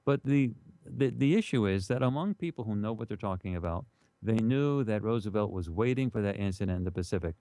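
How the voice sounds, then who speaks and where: Middle-aged male guest, casual storyteller, dry sound, low register, animated quotes. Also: a little fast, no room sound. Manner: animated, acts out quoted historical figures in raised voices. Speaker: interview guest.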